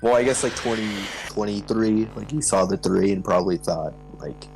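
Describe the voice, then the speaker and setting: A man's voice: on the low side, normal speed, vocal fry, a little mellow, slight background noise, low-quality recording. A man streaming a game with a friend, joking and laughing often as he chats. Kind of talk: casual gaming stream chat.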